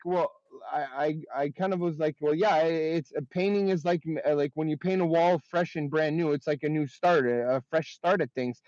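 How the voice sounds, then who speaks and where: Man, caller, rambling story, high voice, muffled dry audio. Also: a little mellow, dry recording. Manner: rambling, hesitant, swears. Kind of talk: casual storytelling.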